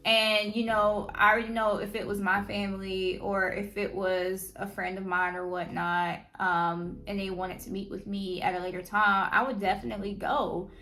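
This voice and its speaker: A young adult woman telling a personal story on her channel, in a slangy, animated way. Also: medium pitch, normal speed, hardly any pauses. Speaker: vlogger. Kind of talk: casual storytime.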